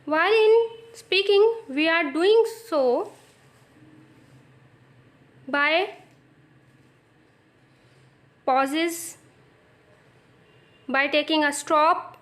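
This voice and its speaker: A woman with a Pakistani English accent, teaching a recorded English lesson, explaining slowly and repeating phrases for emphasis. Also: sits high, fairly bright tone.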